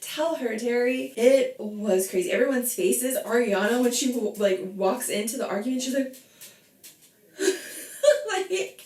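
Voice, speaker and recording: A woman ranting in casual commentary as a reality TV reaction vlogger, animated and swearing, a little tipsy from wine. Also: a little high, normal speed. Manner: animated, swearing, quoting others in bits. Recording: echoey room.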